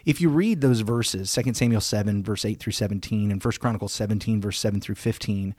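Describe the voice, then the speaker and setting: A man's voice: on the low side, fairly quick, darkish tone, no room sound. A man co-hosting a podcast, reading a psalm aloud and then discussing it in a casual, earnest way, often restarting his sentences. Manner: earnest, restarts and self-corrections while discussing. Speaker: podcast co-host.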